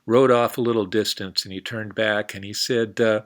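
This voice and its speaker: A man telling a folk tale for a library storytime in a folksy, relaxed way. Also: fairly low pitch, normal speed. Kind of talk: storytime narration.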